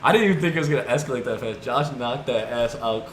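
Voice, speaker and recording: A fast-talking podcast co-host in his twenties with a mid-range voice tells rambling stories in casual chat, heavy on "like" and "dude," and retells them animatedly. Echo and background noise fill the room.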